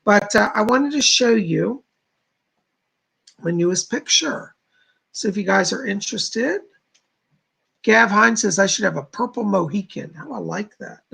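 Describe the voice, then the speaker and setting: Male livestream host, rough gravelly voice, breathy edge, chatty and rambling, reads chat aloud. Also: sits high, animated, measured pace, pauses often, pushed and bright. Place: home studio.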